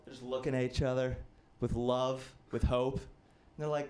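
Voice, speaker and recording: A man's voice: mid-range voice, little pitch movement, normal speed, hardly any pauses, a little mellow. A man in his twenties doing a stand-up comedy set, telling rambling, self-deprecating stories. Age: 20s.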